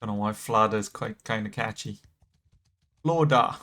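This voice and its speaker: A man's voice: on the low side, completely flat delivery, quick pace, bright, forceful tone. Chatty British man streaming a game. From Britain. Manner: chatty, laughs easily, self-correcting restarts. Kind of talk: casual gameplay commentary.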